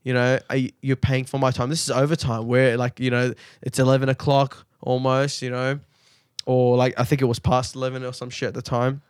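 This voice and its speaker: A man's voice: mid-range voice, completely flat delivery, brisk, smooth, no room sound, clean studio sound. A young man telling a long, profane story in casual chat, laughing often and repeating himself. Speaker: podcast co-host.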